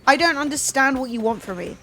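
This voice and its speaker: A young woman chatting casually with her livestream viewers, animated and swearing freely. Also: high voice, fast, soft background music. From Southern Italian family. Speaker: streamer.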